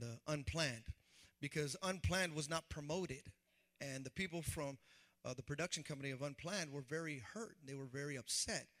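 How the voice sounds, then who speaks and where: Bright, forceful man preaching a sermon. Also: fairly high pitch. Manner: animated, conversational preaching that acts out quoted voices. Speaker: pastor.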